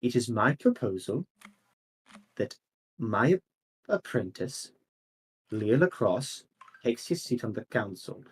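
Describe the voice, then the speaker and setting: A man's voice: mid-range voice, sing-song, takes it slowly, long pauses, husky, full character voice, poor audio. A man voicing a senior male merchant lord who talks down placatingly. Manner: condescending, placating.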